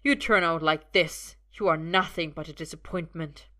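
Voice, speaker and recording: A woman reading the part of a cold, contemptuous middle-aged father who holds a gun, speaking low and sneering. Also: moderate pace, pushed and bright. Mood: cold contempt.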